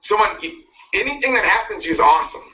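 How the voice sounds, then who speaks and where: Man, motivational speech, pushy and joking, sharp tense voice, distant dull playback. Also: high-pitched, animated, fast talker, a little hiss or hum. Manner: forceful, pushy, laughing at his own jabs. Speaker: motivational speaker. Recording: muffled video played back from a distance.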